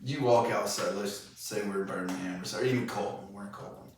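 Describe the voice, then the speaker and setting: A man's voice: on the low side, fairly quick, distant mic. Laid-back man, echoey room. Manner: laughs often, acts out quoted voices. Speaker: podcast host. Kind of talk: casual comedic chat. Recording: echoey room, off-mic, faint noise.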